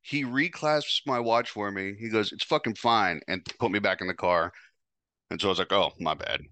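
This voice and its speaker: A man's voice: lowish voice, brisk, bright, forceful tone, smooth, dry recording. A man hosting a podcast, telling a first-person story in a casual, profane, wry way. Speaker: podcast host.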